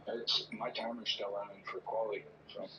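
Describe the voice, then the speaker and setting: Gravelly man on a dull distant mic. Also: lowish voice, level tone, a little fast, pushed and bright, a little hiss or hum. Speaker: race driver. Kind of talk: casual chat during a race stream.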